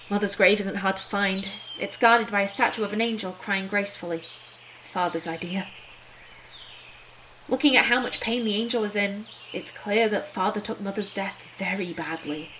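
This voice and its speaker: A woman's voice: mid-range voice, moderate pace, fairly bright tone, slight background noise, natural voice. Woman reading a thoughtful young heroine. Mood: reflective. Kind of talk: voiced game reading.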